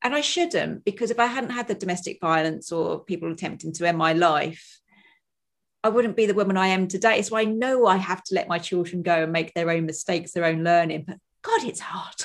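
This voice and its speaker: A woman in her forties, a podcast guest and author, talking quickly and casually, acting out quotes in a higher voice and laughing often. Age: 40s. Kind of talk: casual conversation.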